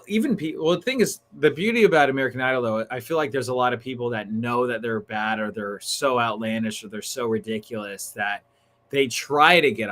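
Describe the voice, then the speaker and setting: Excitable chatty man on a livestream. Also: mid-range voice. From Northern California. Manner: chatty, excitable, full of slang like "dude" and "bro". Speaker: livestream host. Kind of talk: casual livestream chat.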